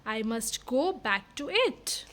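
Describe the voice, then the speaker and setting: A woman putting on a worried storybook duck who quacks and frets over her nest of eggs. The voice sits high and bright, and the words come slowly and carefully. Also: sing-song, exaggerated voice. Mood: fretful. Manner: quacking, fretful. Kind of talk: reading a storybook aloud.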